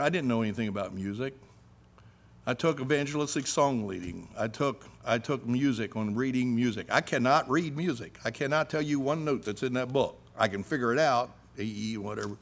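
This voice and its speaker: A middle-aged man preaching a sermon, animated, swinging between loud emphasis and hushed asides. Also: mid-range voice.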